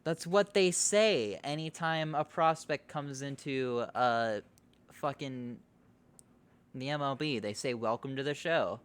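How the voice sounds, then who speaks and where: A man's voice: mid-range voice, slow, smooth. A man hosting a podcast in a loose, rambling chat, swearing and laughing easily. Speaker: podcast host. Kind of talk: casual chat.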